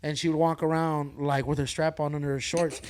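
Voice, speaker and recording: A man telling a crude story on a podcast, loud and full of laughter, acting out the people in it. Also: on the high side, little pitch movement, fairly quick, clean tone. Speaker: comedian guest.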